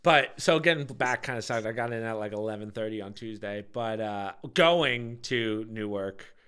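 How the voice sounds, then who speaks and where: A man's voice: lowish voice, normal speed, a bit bright, smooth. A man co-hosting a podcast, telling a rambling travel story in casual chat and laughing often. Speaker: podcast co-host.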